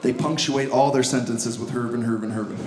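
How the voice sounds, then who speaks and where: A man's voice: mid-range voice, fairly even intonation, brisk. A male stand-up comedian from the United States, ranting sarcastically and in exasperation on a comedy club stage. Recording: echoey club with crowd laughter.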